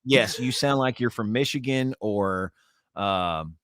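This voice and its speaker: A man chats on a podcast in a lively, joking way, now and then reading articles aloud. His voice sits in the middle range, and the recording is dry and close. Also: mid-range voice, slow pace, dry recording. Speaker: podcast co-host. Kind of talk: casual podcast chat.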